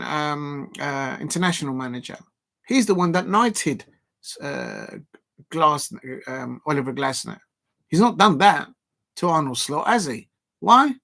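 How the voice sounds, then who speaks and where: Brief: male stream host, raised pitch, animated and indignant, chatty fan commentary. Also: gravelly. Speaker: football watch-along host. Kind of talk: live-stream chat reading viewer comments.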